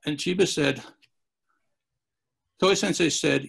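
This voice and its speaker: A gravelly man telling stories as a podcast guest, rambling from one anecdote to the next. His voice sits a little high for a man and has a husky grain, and he slips into the voices of the people he quotes. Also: slow pace, long pauses, a bit bright. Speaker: interview guest. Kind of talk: storytelling in a podcast interview.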